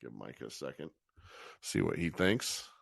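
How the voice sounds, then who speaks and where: Running a live call-in show on a live audio app, this podcast host has a creaky bass voice and a moderate pace. He chats casually, jokes, laughs, swears, and manages the queue of callers. The studio sound is clean and echo-free.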